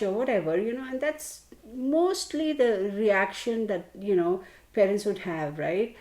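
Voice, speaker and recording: A woman's voice: mid-range voice, lively intonation, unhurried, a little mellow, reverberant. A woman hosting a tarot channel, chatting casually to her viewers with lots of fillers and restarts. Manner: rambling, many fillers and restarts. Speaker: tarot reader and channel host.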